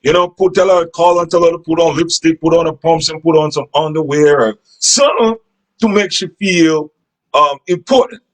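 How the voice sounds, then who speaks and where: A man's voice: a little high, moderate pace, rough recording. A man giving relationship advice in a rambling, repetitive monologue, often checking in with "Understand?". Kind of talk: casual monologue.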